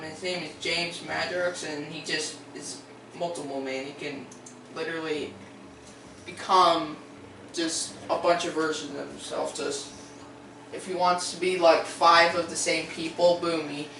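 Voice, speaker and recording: A man's voice: a little high, fairly even intonation, slow, creaky, sharp tone, recorded from a distance. A teenage boy hosting a casual vlog, rambling and hesitant, full of fillers and restarts. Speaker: video host. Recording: roomy echo, voice away from the mic, faint background noise.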